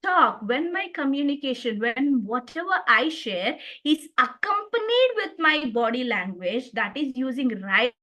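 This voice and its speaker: High, lively-voiced woman trainer. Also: measured pace, hardly any pauses. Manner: stresses words for demonstration, restarts phrases. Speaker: communication skills trainer. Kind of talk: training lecture.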